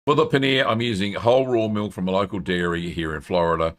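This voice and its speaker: A middle-aged man with a low voice hosts a live stream in an easygoing way. He chats with viewers, reads out their messages and calls people "mate", with lots of ums and uhs along the way. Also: quick pace. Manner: relaxed, chatty, frequent ums and uhs, friendly "mate". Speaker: host answering cheese-making questions.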